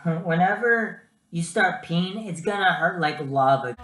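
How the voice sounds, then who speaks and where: In a high, unhurried voice, a young adult male student vlogger shares casual advice through animated stories. He's chatty and says um and uh a lot, and the sound is reverberant.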